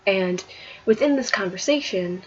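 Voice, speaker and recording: A woman's voice: medium pitch, lively intonation, unhurried, breathy edge, lo-fi sound. A woman recapping a comic book issue in a casual vlog, rambling and gushing with lots of fillers and restarts.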